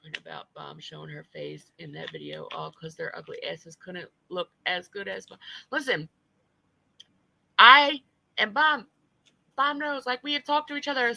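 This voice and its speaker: Woman streamer, blunt and profane casual chat, gravelly, very bright tone, dry close sound. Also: a little high, dry recording, rough recording. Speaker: livestream host.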